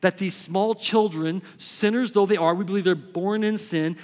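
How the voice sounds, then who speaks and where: A man preaching a sermon, swinging between quick emphatic bursts and slow, hushed lines. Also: high-pitched, fairly even intonation. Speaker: pastor. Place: church sanctuary. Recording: long reverb of a church hall.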